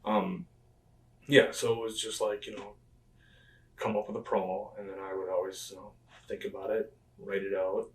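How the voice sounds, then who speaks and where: In a fairly low, level voice at a moderate pace with long pauses, a professional wrestler rambles through past conversations with lots of fillers in a storytelling interview. The recording has a little hiss or hum, an echoey room and a mic set at a distance.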